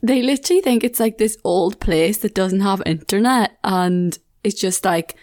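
A young woman with a southern Irish accent, hosting a podcast in casual chat, laughing often and adding quick asides. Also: medium pitch, a little mellow. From Ireland. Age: 20s. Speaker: podcast host.

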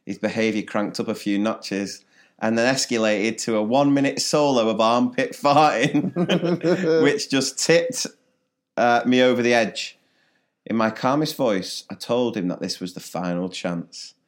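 A man, a teacher co-hosting a podcast, telling classroom stories in a dry, joking way. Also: fairly low pitch. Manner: dry storytelling, laughs at own jokes. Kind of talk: casual storytelling chat.

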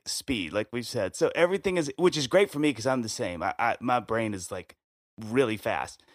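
In a clean studio recording with no room sound, a mid-range male voice co-hosts a podcast. He's an animated storyteller in loose conversation, breaking into laughter a lot.

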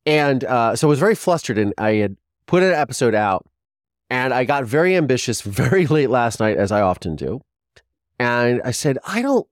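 A man in his forties, a podcast host, telling a casual rambling story with quick restarts and lively quoted voices. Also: mid-range voice, dry recording, clean studio sound.

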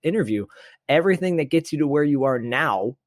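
A man's voice: a little high, animated, a little fast, dry recording, studio quality. A man co-hosting a podcast, talking earnestly with many restarts and repeated words. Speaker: podcast co-host. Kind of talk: casual interview chat.

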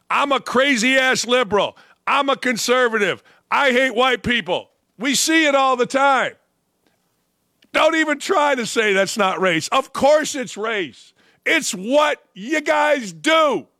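A male sports talk host delivers an opinionated rant, blunt and profane, jumping from mocking asides to emphatic outbursts. His voice sits fairly high with a bright, cutting edge, and it is recorded close and dry. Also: dry recording.

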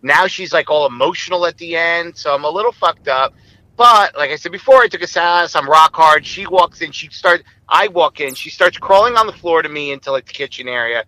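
A man's voice: fairly high pitch, animated, a little fast, sharp tone, no room sound, poor audio. A man, a former co-host calling in, telling a rambling, crude story full of filler words. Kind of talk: casual storytelling.

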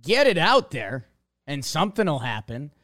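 A man's voice: a little high, big pitch swings, measured pace, fairly bright tone, no echo, clean studio sound. A man co-hosting a casual sports podcast, rambling through stats and jokes. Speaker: podcast co-host.

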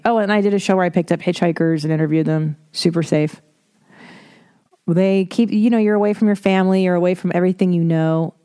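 A woman in her forties talks alone into a close mic, winding through stories full of swearing and cheerful self-mockery. Her voice sits on the lower side, and the room sounds dry and dead. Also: warm tone, no room sound. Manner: profane, self-deprecating, rambling storyteller. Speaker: podcast host. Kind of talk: casual solo podcast monologue.

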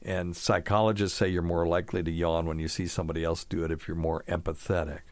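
Deep-voiced blunt radio host. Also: male voice, level tone, quick pace, dry recording. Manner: blunt, offhand, scoffing asides. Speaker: radio show host answering caller questions. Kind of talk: casual call-in radio talk.

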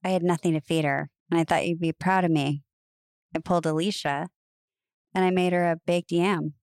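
A woman's voice: lowish voice, steady tone, normal speed, darkish tone, clear, resonant tone, no echo, clean studio sound. A woman co-hosting a podcast in casual chat, a chatty storyteller who laughs easily and says "like" often. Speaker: podcast co-host.

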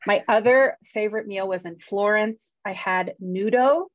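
A woman's voice: medium pitch, measured pace, no echo, dull audio. A woman from California co-hosting a screenwriting podcast in casual chat, jet-lagged, talking with lots of fillers and laughs. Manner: chatty, self-deprecating, lots of fillers and laughs. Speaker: podcast co-host.

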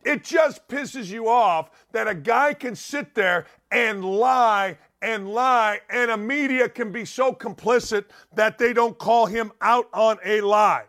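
Man, talk show host, fairly high pitch, sarcastic, heated, ranting commentary. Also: slow pace, few pauses, fairly bright tone. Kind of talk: opinionated commentary rant.

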